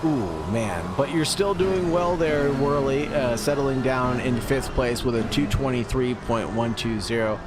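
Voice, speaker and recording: A man calling live sim racing play-by-play, steady and a little teasing, reading out chat. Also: medium pitch, unhurried, hardly any pauses, very noisy.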